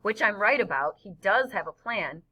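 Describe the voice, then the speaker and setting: A woman narrating a novel in first person, in a lively storytelling manner. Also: medium pitch, normal speed, dull audio. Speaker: audiobook narrator. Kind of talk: scripted narration.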